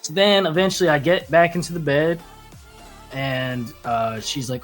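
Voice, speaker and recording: A man's voice: on the high side, normal speed, soft background music. A young man telling a rambling story in casual chat, acting out quotes with laughs. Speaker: podcast guest or co-host.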